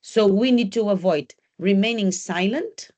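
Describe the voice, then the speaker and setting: A woman's voice: mid-range voice, measured pace, a little mellow. Woman english teacher prepping a class for an exam, direct and coaching, repeats the key stuff.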